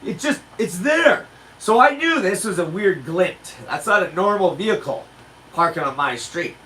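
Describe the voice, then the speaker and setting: Animated man in his forties telling jokes. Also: high-pitched, moderate pace, recorded from a distance, a little hiss or hum, low-quality recording. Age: 40s. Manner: animated storytelling with shouted punchlines. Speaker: stand-up comedian. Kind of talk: livestreamed stand-up rehearsal.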